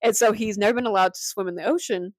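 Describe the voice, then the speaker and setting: A woman co-host chatting casually on a podcast, telling stories in an animated way and laughing often as she acts out lines. Her voice sits at a middling pitch and sounds close and dry, with no room around it, through an inexpensive desk mic. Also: fast talker, no echo. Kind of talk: casual chat. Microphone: cheap desk mic.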